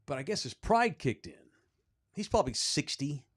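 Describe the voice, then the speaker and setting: A man co-hosting a sports podcast, telling a story in casual, animated, profane talk. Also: a little high, moderate pace, slightly rough. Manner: animated, profane, rising when excited. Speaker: podcast co-host.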